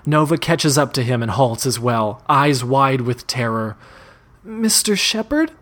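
A man's voice: medium pitch, steady tone, unhurried, fairly bright tone. Man giggling through a parody reading. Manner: amused, often breaking into laughter. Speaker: reader. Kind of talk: comic reading of a parody story.

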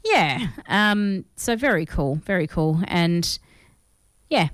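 An Australian woman co-hosting a podcast, chatting casually about films in an animated, self-deprecating way. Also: lowish voice, slow, no room sound, clean studio sound. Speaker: podcast co-host.

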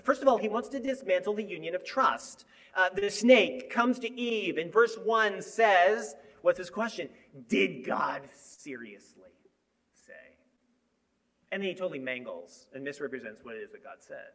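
A high-voiced man delivers a sermon with a lively, swooping pitch. He moves from emphatic bursts to hushed, low asides as he talks to the congregation. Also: moderate pace. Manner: animated, shifting between emphatic and hushed. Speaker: preacher.

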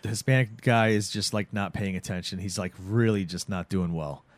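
A man's voice: fairly low pitch, moderate pace. Casual man recapping a film. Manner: rambling, animated retelling with acted quotes.

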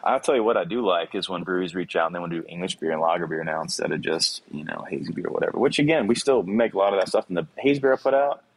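A man's voice: low-pitched, vocal fry, breathy edge, no room sound. A man who runs a small brew pub, talking in a rambling, profane, passionate way in a casual podcast interview. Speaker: brewer, brew pub owner.

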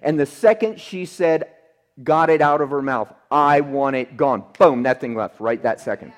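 Man preaching with a high voice. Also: expressive, moderate pace. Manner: storytelling, swings from emphatic to hushed. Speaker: pastor. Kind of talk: sermon.

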